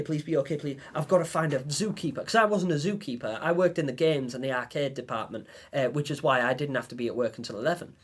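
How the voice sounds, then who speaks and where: Animated man telling a story. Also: fairly high pitch. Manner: animated, acts out his own panicked lines. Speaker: livestream host. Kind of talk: casual live-stream storytelling.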